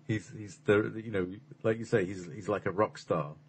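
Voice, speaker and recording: A man's voice: fairly low pitch, fairly even intonation, normal speed, slightly rough. A man chatting casually and rambling, full of fillers and restarts. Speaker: channeler and voice performer. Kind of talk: casual conversation.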